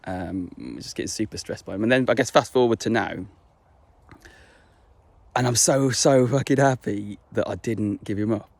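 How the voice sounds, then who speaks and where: A man's voice: fairly low pitch, normal speed, gravelly, a little mellow, no echo. A young man chatting casually to camera, rambling and swearing, full of fillers and restarts. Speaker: vlogger.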